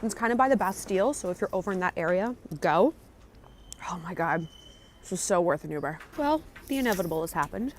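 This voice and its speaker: A woman talking to camera in a casual travel vlog, chatty, excitable and jokey, recorded outdoors on a handheld camera. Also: on the low side, fairly quick, a little hiss or hum. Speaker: travel vlogger. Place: outdoors on a café patio and in city streets.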